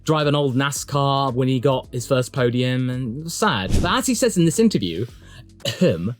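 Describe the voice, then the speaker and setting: Man, solo commentary, chatty and emphatic, lively swooping pitch, faint music underneath. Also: moderate pace. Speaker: motorsport YouTube commentator.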